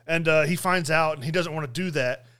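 A man's voice: on the high side, fairly quick, sharp tone, clean tone. A man in casual podcast chat, rambling through a movie plot recap with fillers and laughs.

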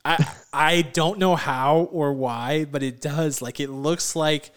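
A man co-hosting a podcast in casual chat, excitable, often laughing and saying "like" a lot, on a remote call. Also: fairly high pitch, takes it slowly, clear, resonant tone. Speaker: podcast co-host.

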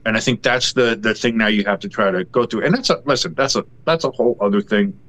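A man co-hosting a casual sports podcast, talking in a rambling, halting way with many fillers and restarts. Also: fairly low pitch, fairly bright tone. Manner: rambling, halting with many fillers, then a profane ranting tirade.

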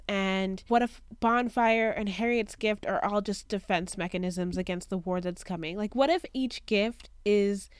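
A young woman recapping a TV episode in an excited, casual way, gushing and thinking aloud with lots of rhetorical questions. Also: mid-range voice, no room sound, studio quality. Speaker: TV recap host.

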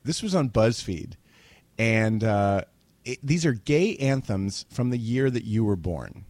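A man's voice: on the low side, lively intonation, a little slow, darkish tone, no room sound. A man in his forties from New Jersey, co-hosting a podcast in casual chat, chatty and irreverent, swearing freely. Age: 40s. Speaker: podcast co-host.

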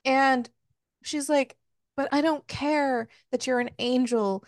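Woman podcaster dishing on a book, cussy and joking, highish voice, dry mic. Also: slow pace, no room sound. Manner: animated, swears, jokes mid-retelling. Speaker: book club podcast host. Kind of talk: casual book recap chat.

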